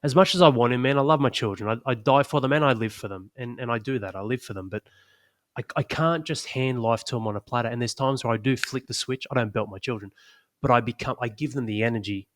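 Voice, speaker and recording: A man's voice: medium pitch, fast, dry recording. A middle-aged man, a podcast co-host, speaking earnestly and reflectively in casual conversation. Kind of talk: casual chat.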